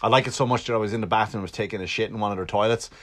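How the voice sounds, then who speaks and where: A lowish, fairly bright male voice comes in rapid-fire with fairly even intonation. He's an Irish man hosting his own podcast from a Long Island home, delivering a casual, comedic solo monologue full of swearing and self-deprecating humor.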